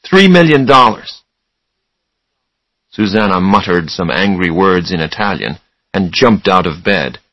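A man narrating a story for English learners in a slow, deliberate, expressive way. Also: low-pitched, no echo, lo-fi sound.

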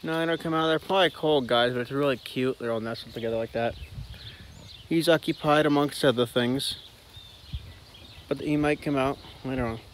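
Casual male vlogger outdoors on a farm, average pitch, slips into sing-song dog talk, light background noise. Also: moderate pace, pauses often. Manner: talks warmly to his dog in a high sing-song. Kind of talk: casual vlog narration. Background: faint outdoor ambience.

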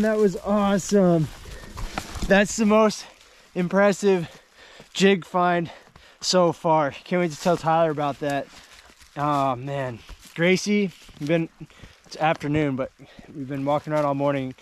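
High-voiced man praising his dogs outdoors. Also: unhurried, long pauses, slight background noise. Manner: excited praise, laughing, chatty. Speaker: vlogger shed hunting with dogs. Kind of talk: casual outdoor vlog talk to dogs. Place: woods outdoors.

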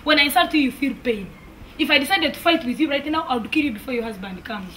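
A woman's voice: high-pitched, lively intonation, quick pace, a bit bright, a little hiss or hum. A woman playing a sassy mocking housemaid. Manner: cheeky, mocking, talks back. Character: defiant sassy young female housemaid. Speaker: comedian. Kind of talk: comedy sketch acting.

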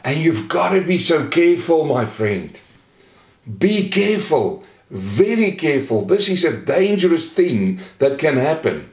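A man preaching a Bible study sermon as pastor, earnest, slowing down to stress the scripture he quotes. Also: fairly high pitch, very animated, a little mellow. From Australia. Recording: echoey room.

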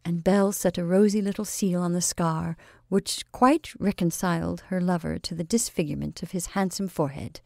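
Woman storyteller, podcast host, expressive measured reading, dry close mic. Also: fairly low pitch, gravelly, no echo. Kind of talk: reading a classic story aloud.

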